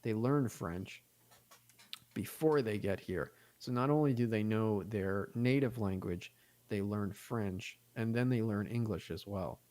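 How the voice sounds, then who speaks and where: A man's voice: fairly low pitch, a little mellow. A man chatting casually as a podcast guest, rambling through stories with many fillers. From United States.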